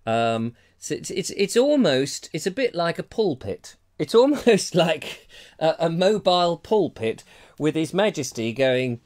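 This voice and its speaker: An English man hosting a live comedy talk show from home, chatty and jokey, often addressing viewers as ladies and gentlemen. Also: on the high side, very animated, a little slow. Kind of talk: casual live-stream chat. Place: terraced house.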